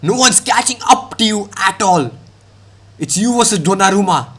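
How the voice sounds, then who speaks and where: A man's voice: high voice, animated, normal speed, fairly bright tone, breathy edge. Fired-up young man ranting about football. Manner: heated ranting, mocking players, slangy. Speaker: football reaction streamer.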